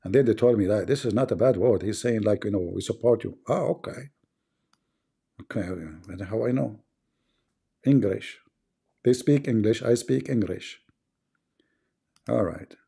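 A sarcastic host with an Arabic accent, his voice gravelly and rough with a husky edge. The tone is dark and mellow as he taunts and mocks his callers on a live stream. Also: lowish voice, moderate pace, pauses often. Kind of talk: mocking live-stream banter.

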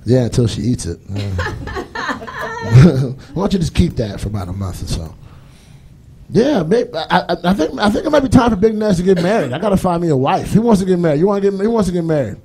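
A man's voice: sits high, very animated, a little fast, mellow. A young man with a Boston accent doing a rambling stand-up comedy set on a live stage, full of fillers and put-on voices. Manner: rambling, lots of fillers, puts on voices for bits.

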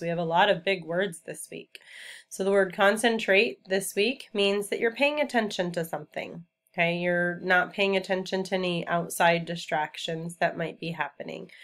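Teacher lady going over vocab words for kids, slow and clear, kinda low voice. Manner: clear and patient, repeating words for students. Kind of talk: remote vocabulary lesson for children.

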